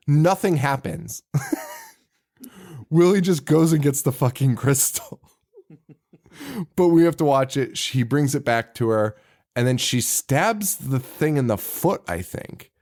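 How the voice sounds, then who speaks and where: A man co-hosting a horror movie podcast in loose, casual chat. He rambles through fillers and restarts and keeps breaking into laughter, at a middling pitch. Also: darkish tone. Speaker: podcast co-host.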